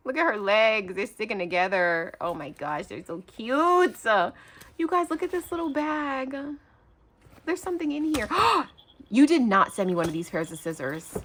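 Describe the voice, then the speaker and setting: Bubbly squealing woman crafter, animated. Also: medium pitch. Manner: gushing, squealing, chatty with many fillers. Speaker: crafting vlogger. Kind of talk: excited unboxing vlog.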